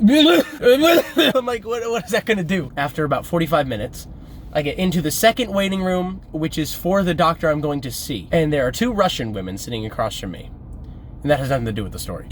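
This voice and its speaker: A chatty man recounts a story in casual vlog style, breaking into laughs as he talks. His voice sits a touch high, recorded in a car with a faint background hum. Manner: chatty, laughs while telling. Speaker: vlogger.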